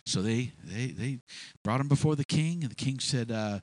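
A man retelling a Bible story in casual, animated speech, often repeating words as he goes. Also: mid-range voice, fairly quick, no echo, rough recording.

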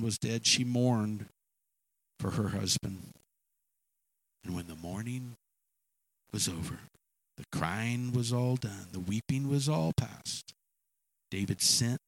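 A man's voice: lowish voice, gravelly, no echo. A man preaching a sermon with dramatic storytelling and emphatic repetition.

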